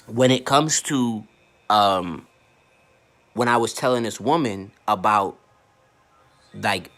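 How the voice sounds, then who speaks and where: A man's voice: fairly low pitch, bright, forceful tone. Blunt, profane man talking marketing. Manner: blunt and profane, stumbles over repeated words. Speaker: online marketing coach. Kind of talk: casual to-camera rant.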